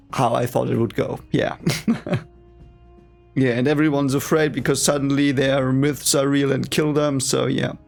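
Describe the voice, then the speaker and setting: A man with a gravelly, creaky voice chats his way through a fantasy novel he is reading for the first time. His reactions are playful and joking, and faint music plays quietly underneath. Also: medium pitch. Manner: chatty, laughing asides and playful commentary.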